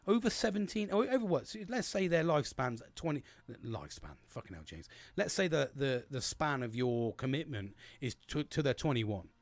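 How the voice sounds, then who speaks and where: A man's voice: fairly high pitch, animated, normal speed, hardly any pauses, no room sound. A man in his forties, hosting a podcast in a casual solo monologue, rambling and swearing with many restarts. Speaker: podcast host.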